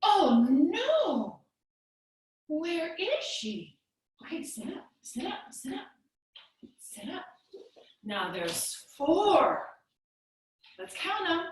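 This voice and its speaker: A woman's voice: extremely high pitch, wildly swooping pitch, very slow, pauses often. A woman leading a playful yoga class for small children, telling a rhyme story in a sing-song way. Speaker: kids yoga teacher. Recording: echoey room, mic far off.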